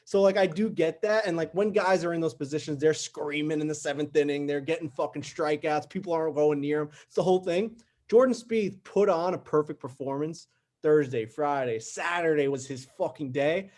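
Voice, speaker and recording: A man with a New York accent, co-hosting a podcast in casual chat, swearing often and arguing loudly. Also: fairly high pitch, normal speed. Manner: swears a lot, argues loudly. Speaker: podcast co-host.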